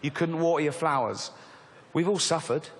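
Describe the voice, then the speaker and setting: An English man in his forties doing a mocking, animated stand-up comedy routine on a theatre stage. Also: moderate pace, background noise. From England. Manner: animated, mocking, slips into squeaky put-on voices. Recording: live hall with reverb and crowd.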